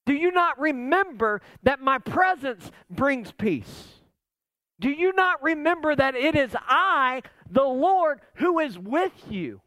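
A man voicing a calm, commanding divine figure who reassures frightened followers with insistent, repeated words. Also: very high voice, slow, dry recording, voice pushed up, full character voice.

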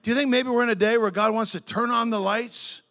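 A middle-aged man preaching a sermon as pastor, telling stories with excitable restarts and acting out the voices of people he quotes. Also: very high-pitched. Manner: storytelling with acted-out quotes and laughter; excitable, many quick restarts.

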